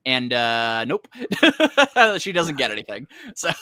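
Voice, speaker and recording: A man's voice: mid-range voice, wildly swooping pitch, slow pace, pushed and bright, no room sound. A young man co-hosting a casual chat about comics, rambling and laughing as he talks. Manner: rambling, laughing, self-interrupting. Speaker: podcast co-host.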